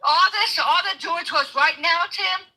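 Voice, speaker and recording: A woman ranting loudly in a heated argument, cursing constantly and laughing between insults. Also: very high voice, moderate pace, poor audio. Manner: laughs mid-tirade. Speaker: guest debating the host. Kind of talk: heated profane argument on a live stream.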